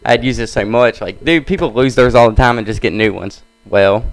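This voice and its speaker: A man's voice: mid-range voice, brisk, dry recording, rough recording. A young man co-hosting a casual podcast, laid-back and slangy, telling a story about getting hurt at work. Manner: laid-back, slangy, says bro and dude. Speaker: podcast co-host. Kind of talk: casual chat.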